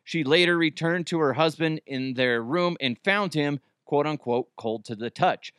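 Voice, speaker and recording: A man's voice: a little high, moderate pace, a bit bright, smooth, no echo, clean studio sound. A man hosting a comedy podcast in casual chat, joking, swearing freely and laughing at his own bits. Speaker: podcast host.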